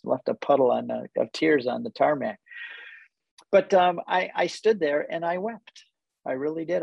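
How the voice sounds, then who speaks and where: A man's voice: medium pitch, vocal fry, darkish tone, husky, no room sound, rough recording. A man telling a personal story in conversation as a guest who leads tour groups, earnest and reflective and easily moved.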